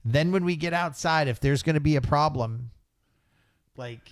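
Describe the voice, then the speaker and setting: A man's voice: a little high, moderate pace, no echo, clean studio sound. A man playing a tabletop game, chatting casually and chuckling often. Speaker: player.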